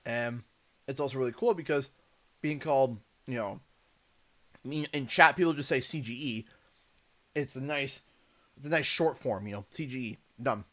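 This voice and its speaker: A man's voice: medium pitch, moderate pace, pauses often, fairly bright tone. Chatty man telling a long story. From Canada. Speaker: livestreamer. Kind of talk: casual livestream chat.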